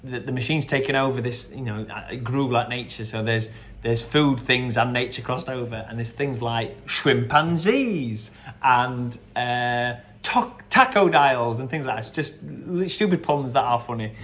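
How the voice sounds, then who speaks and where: A man's voice: mid-range voice, a bit bright. A man hosting a quiz, going over the answers in a chatty, rambling way with lots of fillers. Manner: chatty and rambling, with fillers and quick quote impressions. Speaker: quiz host. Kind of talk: casual quiz answer run-through.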